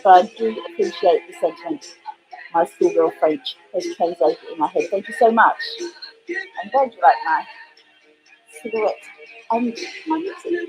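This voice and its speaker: A middle-aged Australian woman from Western Australia, hosting a casual livestream, reading out comments with a playful, theatrical manner. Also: poor audio. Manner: playful, theatrical, swoops up high in exclamations. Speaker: livestream host playing records. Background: music playing in the background.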